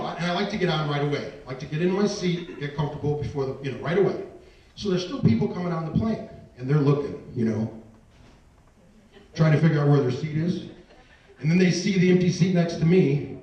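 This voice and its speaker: Animated stand-up comic in an echoey room. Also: male voice, fairly high pitch. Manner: self-deprecating storytelling with audience asides. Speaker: stand-up comedian. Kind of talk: stand-up comedy routine. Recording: echoey room, distant mic, audience laughter. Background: audience laughter.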